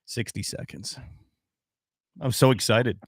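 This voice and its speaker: A man from the Dakotas hosting an outdoors radio show, chatting casually before air, then opening with a lively announcer delivery. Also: medium pitch, breathy edge, no echo, clean studio sound. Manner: upbeat announcer delivery, reads station list slowly.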